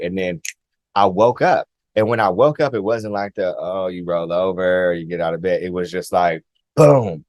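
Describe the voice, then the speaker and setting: A man vlogger earnestly recounting a personal experience, halting and repeating himself with many likes and restarts. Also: low-pitched, darkish tone. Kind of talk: personal storytelling to camera.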